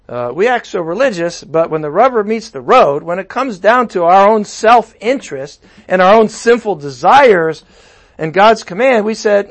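A male pastor preaching a sermon with animated, conversational asides. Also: sits high, moderate pace.

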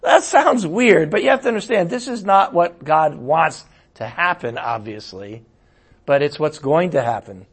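A man preaching a conversational sermon, swinging between loud exclamations and quiet asides. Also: on the high side, expressive, normal speed, slightly rough. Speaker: pastor.

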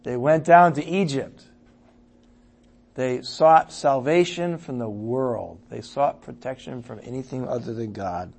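Reading scripture at an evening Bible study, this teacher speaks in a mid-range voice with vocal fry, animated and at a measured pace. He drops into quiet asides, rises to loud, emphatic stretches, and keeps checking in with the group.

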